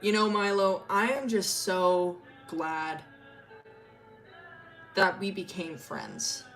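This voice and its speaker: A cold schemer drawls slow, sneering words, a touch lower than the teller's own voice, as a woman storyteller puts them on. Every line drips with smug contempt. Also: fairly even intonation, soft background music, close to an everyday voice.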